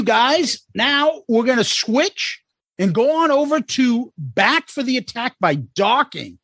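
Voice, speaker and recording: A man's voice: high voice, fairly bright tone, no room sound. A man hosting a podcast, upbeat and steering the casual talk. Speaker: podcast host. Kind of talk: casual chat.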